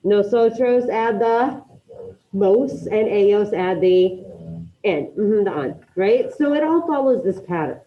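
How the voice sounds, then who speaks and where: A woman with a mid-range, animated voice takes it slowly as she teaches high school Spanish online. She addresses students by name and cheers on their answers. The audio is the dull, lo-fi sound of a video call.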